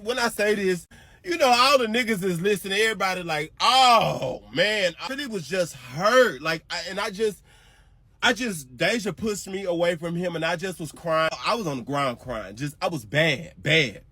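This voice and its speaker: A man telling an emotional personal story in a social media clip, profane and animated, acting out the lines he quotes. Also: sits high, normal speed, no room sound.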